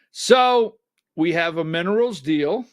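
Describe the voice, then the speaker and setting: A man with a high-pitched voice hosts a conservative political talk show, offering sarcastic, emphatic commentary and calling directions to his producer. The sound is studio quality with no room sound.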